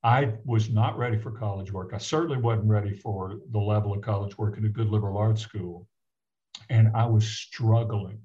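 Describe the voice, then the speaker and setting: An older man from the American South, a physician guest, telling a personal story in an earnest, halting way with frequent restarts. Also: on the low side, steady tone, warm tone. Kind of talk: reflective personal storytelling in conversation. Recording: dull lo-fi audio.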